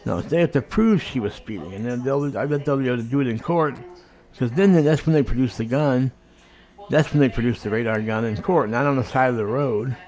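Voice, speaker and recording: A man giving casual commentary on a video he is watching, talking conversationally and thinking aloud with hesitant pauses. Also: mid-range voice, darkish tone.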